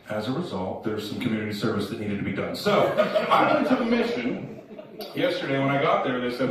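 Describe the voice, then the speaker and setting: A man doing stand-up, telling a long story with loud, animated bursts when he acts out the people in it. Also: medium pitch, brisk, a crowd in the background. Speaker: stand-up comedian. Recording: echoey room, heard from a distance.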